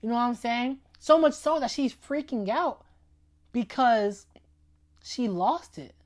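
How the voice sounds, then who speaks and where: A woman's voice: on the high side, animated, measured pace, darkish tone. A woman giving a casual faith talk, speaking conversationally and often checking in with "right?". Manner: conversational, keeps asking "right?" and "you know what I'm saying?".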